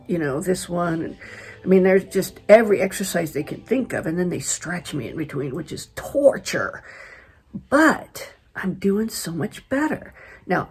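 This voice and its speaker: A middle-aged woman from California, chatty and animated, telling a personal story to camera as a travel vlogger. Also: fairly low pitch. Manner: chatty, animated retelling with quoted dialogue.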